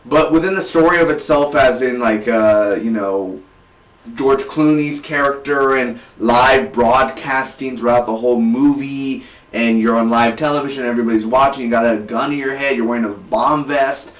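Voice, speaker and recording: An eighteen-year-old man from South Texas, reviewing a movie in an energetic, rambling way with many restarts. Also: mid-range voice, moderate pace, recorded from a distance. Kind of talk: casual movie review vlog. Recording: roomy, voice set back from the mic.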